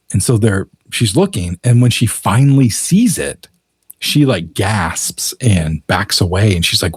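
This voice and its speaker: A man's voice: lowish voice, animated, moderate pace, slightly rough, dry recording. A man who is a guest author, telling a story in a casual, vivid way and using fillers like "you know".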